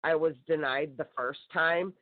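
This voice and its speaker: A woman's voice: low voice, a little slow, no room sound. A woman guest telling her personal story in an intense, aggrieved way, heard over a phone line. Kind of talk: personal testimony on a call-in show. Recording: tinny phone-line audio.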